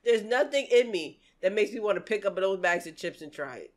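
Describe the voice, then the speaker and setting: Animated woman reacting to clips. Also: medium pitch, fairly quick, heavy background noise. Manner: exclaims and laughs loudly, chatty slang. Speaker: reaction video host. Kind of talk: casual reaction commentary.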